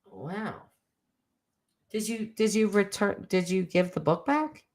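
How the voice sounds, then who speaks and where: A woman's voice: medium pitch, lively intonation, a little mellow. A middle-aged woman hosting a casual livestream chat, reading viewer comments with teasing asides and frequent laughs. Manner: chatty, teasing, laughs often, quick asides.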